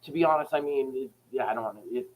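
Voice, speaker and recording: With phone-quality sound, this mid-range male voice races along. He's from Canada, runs a sales company and has written books, and as a casual podcast guest he rambles openly, dramatizing phone calls in his anecdotes.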